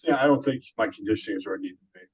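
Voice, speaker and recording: A man talking modestly and reflectively as an interview guest, with pauses and fillers. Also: fairly low pitch, slightly rough, rough recording. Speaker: guest, former pro bodybuilder. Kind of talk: casual interview chat.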